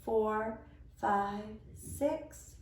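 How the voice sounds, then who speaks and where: A young woman teaching preschoolers on video, gently sounding out words slowly and patiently as she plants seeds with a child. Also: mid-range voice, slight background noise. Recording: very echoey room, mic far off.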